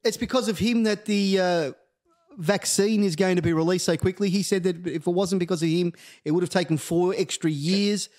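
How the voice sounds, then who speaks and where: Man, high voice, co-host, joking, sheepish. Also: normal speed, darkish tone. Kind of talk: casual chat.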